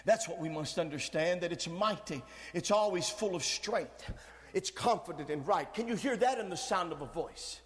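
A man preaching a sermon, moving between quiet teaching and shouted, fervent passages. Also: high voice, lively intonation, normal speed, long reverb tail.

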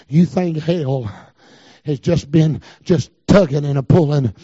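A fervent preacher with a high-pitched voice, his revival sermon rising from hushed murmurs into shouted cries. The recording is dry and a little dull. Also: no room sound. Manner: fervent, breaking into shouted cries, then dropping low.

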